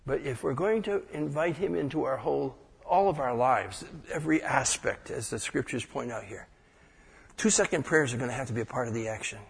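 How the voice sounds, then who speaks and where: Male pastor, gravelly, very husky, informal joking sermon, long reverb in a hall. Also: mid-range voice, brisk. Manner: folksy, joking, acts out little prayers.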